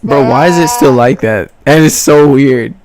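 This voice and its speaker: A man's voice: medium pitch, moderate pace, crowd noise. A young man streaming live, chatting in a laid-back, rambling, slangy way and laughing often, with music playing behind him. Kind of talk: casual livestream reaction chat.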